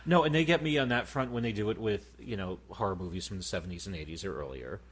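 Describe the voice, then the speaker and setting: A man in his thirties co-hosting a casual podcast, swearing freely and telling animated stories. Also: lowish voice, fast talker. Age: 30s. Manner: profane, animated storytelling. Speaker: podcast co-host. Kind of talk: casual chat.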